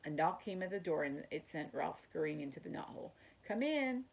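Woman teacher reading a kids' novel aloud, deep and creaky, friendly. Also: fairly even intonation, fast talker, low-quality recording. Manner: friendly, explains words. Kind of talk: read-aloud storytelling.

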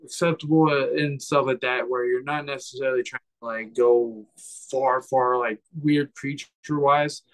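Measured man, a fighter on a podcast. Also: medium pitch, steady tone, low-quality recording. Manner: measured, searching for words. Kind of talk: casual podcast conversation.

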